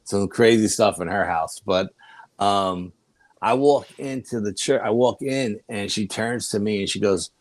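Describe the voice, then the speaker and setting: New York man, guest storyteller, lowish voice, dry close sound, rambling and animated. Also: a little slow, no echo. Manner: rambling, animated anecdotes with restarts. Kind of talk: casual storytelling.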